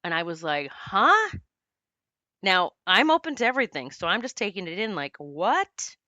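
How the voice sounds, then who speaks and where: A woman's voice: fairly low pitch, very animated, fast talker, pushed and bright, dry recording, highs cut off. A middle-aged woman hosting a podcast, telling a personal story in an earnest, emotional way. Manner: earnest, emotional retelling with quoted dialogue. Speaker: podcast host, psychic medium.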